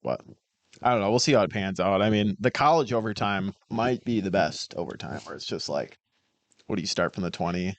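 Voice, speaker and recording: A man's voice: sits low, a little fast, no room sound. A man co-hosting a casual sports podcast, rambling with lots of fillers and laughing easily. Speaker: podcast co-host. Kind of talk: casual chat.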